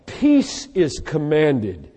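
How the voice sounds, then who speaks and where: Animated man preaching in a reverberant hall. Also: fairly high pitch, husky. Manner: emphatic, animated, cites scripture in rapid lists. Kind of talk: sermon.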